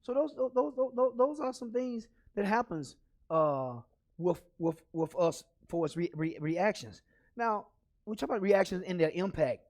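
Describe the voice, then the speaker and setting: A man talks into a camera with a high voice that swings widely in pitch. He encourages his listeners over and over, and now and then bursts out loud. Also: moderate pace. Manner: encouraging, repetitive, animated with sudden loud outbursts. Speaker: leadership speaker. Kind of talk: motivational talk to camera.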